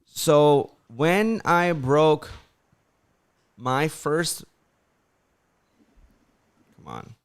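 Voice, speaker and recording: A man's voice: fairly high pitch, drawn-out words, long pauses, smooth. A young man hosting a casual livestream, talking loosely with lots of "like" fillers and acting out his friends' voices when he tells stories. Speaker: channel host on a livestream.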